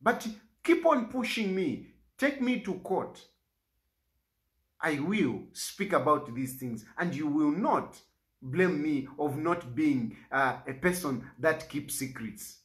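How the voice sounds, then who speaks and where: Speaking in a high-pitched, fairly bright voice, this Zambian man, a politician in the opposition, delivers a heated public statement. He pleads with a sense of grievance, repeating lines to drive them home.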